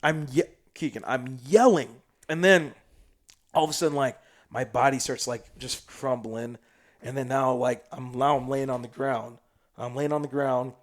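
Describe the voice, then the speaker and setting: A man from South Sudan, a podcast guest telling a story in casual chat. He is animated and slangy, and swings between loud bursts and hushed asides. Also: mid-range voice, normal speed.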